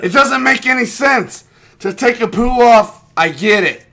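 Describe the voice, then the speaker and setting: High, lively, ranting tipsy man. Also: measured pace, vocal fry. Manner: profane, loud, ranting. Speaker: podcast co-host. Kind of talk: casual drunken rant.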